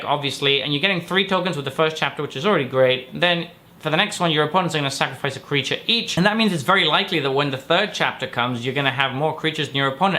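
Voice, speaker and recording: A man's voice: fairly high pitch, bright, forceful tone. A man reviewing trading cards in a casual, upbeat way, reading each card's text aloud and then giving his take. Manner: upbeat, reads card text then reacts. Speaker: card game reviewer. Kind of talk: casual card review commentary.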